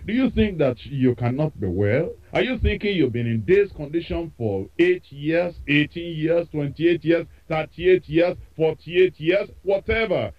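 A man's voice: on the high side, animated, a little slow, hardly any pauses. A man preaching a sermon, emphatic and repeating phrases for effect, heard over a dull radio broadcast.

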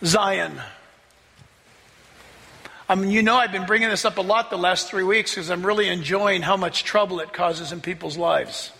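A man preaching a sermon as a pastor, excitable, often laughing and rising to shouts as he reads scripture. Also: sits high, moderate pace, creaky, pauses often, in a large hall.

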